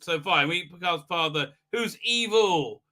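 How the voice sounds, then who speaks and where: Guy doing a snarky live recap of a show, super bright voice, kinda high, lots of uhs and silly voices. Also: animated, unhurried. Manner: mocking, acts out quotes in funny voices, many fillers and restarts. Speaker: host recapping a TV episode. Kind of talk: casual live-stream recap.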